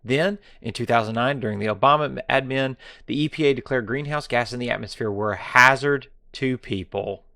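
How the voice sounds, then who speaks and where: A man's voice: mid-range voice, fairly quick, creaky, hardly any pauses, sharp tone, dry recording, studio quality. A man hosting a political commentary monologue, sarcastic and mocking, taunting his viewers and now and then dropping to a whisper for effect. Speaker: commentary show host.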